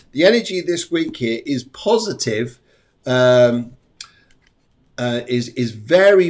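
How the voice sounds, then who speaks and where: A man streams a live psychic medium show from his home while a storm goes on outside, mixing readings with loose, rambling chat in which he keeps repeating phrases. His voice is of medium pitch and a bit bright.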